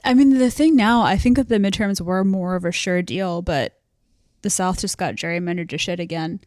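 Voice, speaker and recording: Woman, podcast co-host, casual political chat, wry, lower voice, no room echo. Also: normal speed, darkish tone, studio quality. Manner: wry, easygoing, laughs readily.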